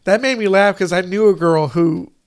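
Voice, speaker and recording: A man's voice: high voice, moderate pace. A man rambling through a casual chat about movies, full of fillers, restarts and casual swearing.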